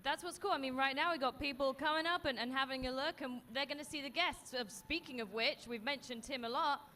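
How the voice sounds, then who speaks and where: Female host, bright and higher-pitched, bubbly live paddock chat outdoors. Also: brisk, slight background noise. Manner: bubbly, laughs at herself.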